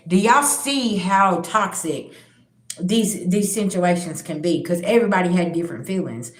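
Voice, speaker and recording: Blunt, low-voiced woman in an echoey room. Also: animated, normal speed. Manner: blunt, profane, addresses viewers directly. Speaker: spiritual channel host. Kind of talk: candid personal storytelling. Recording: roomy echo.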